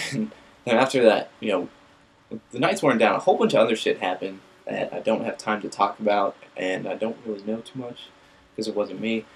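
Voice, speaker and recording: A man's voice: on the low side, moderate pace, vocal fry, rough recording. A young man casually telling a rambling, profane story to his viewers. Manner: rambling, filler-heavy, profane. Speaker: vlog host.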